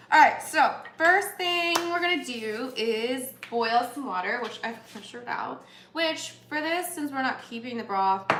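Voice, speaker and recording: Young female host, a touch high-voiced, casual and giggly, recorded in a reverberant home kitchen with cookware noise. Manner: chatty and giggly, with playful asides. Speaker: cooking livestream host. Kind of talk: casual chat while cooking. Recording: echoey kitchen with clattering pots and dishes.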